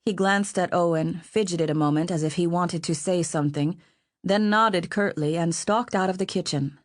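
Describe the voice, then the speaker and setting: In a fairly low voice, a woman reads scripted audiobook narration with a steady, measured storytelling manner. It's studio quality, with no room sound.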